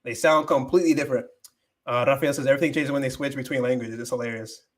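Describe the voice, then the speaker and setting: A man's voice: mid-range voice, steady tone, quick pace. A young American man whose first language is English, hosting a casual livestream and switching between English and Spanish with many fillers and restarts. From United States. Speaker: livestream host.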